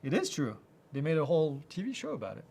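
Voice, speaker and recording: A man hosting a live Q&A, reading out viewer questions and answering them in a casual, halting way with many fillers. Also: fairly high pitch, wildly swooping pitch, gravelly, a little mellow, slight background noise. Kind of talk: live Q&A chat.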